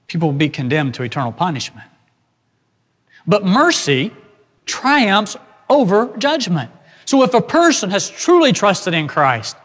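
A man preaching an expository sermon as pastor, emphatic and slowing down to stress key phrases. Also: high voice, fairly bright tone. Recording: long hall reverb.

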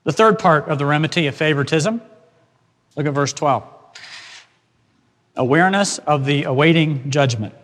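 A man preaching an expository sermon as pastor, emphatic and slowing down to stress key phrases. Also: on the high side, a bit bright. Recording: long hall reverb.

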